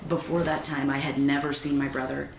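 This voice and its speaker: A woman's voice: a bass voice, brisk, gravelly. A woman guest on a podcast, telling a personal story in casual conversation and acting out the lines of the people in it. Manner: animated, acts out quoted dialogue. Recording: roomy echo with faint background noise.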